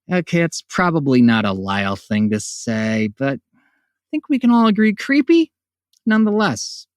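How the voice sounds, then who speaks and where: A man's voice: on the high side, sing-song, moderate pace, no echo, studio quality. A man hosting his own podcast, ranting in a sarcastic, profane monologue that jumps between jokes and voices. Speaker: podcast host.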